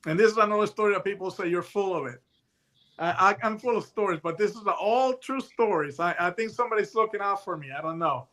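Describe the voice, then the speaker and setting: A man in his late fifties, a retired hostage negotiator, telling stories in a casual chat, animated and full of restarts and voiced quotes. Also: high-pitched, quick pace. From United States. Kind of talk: casual storytelling.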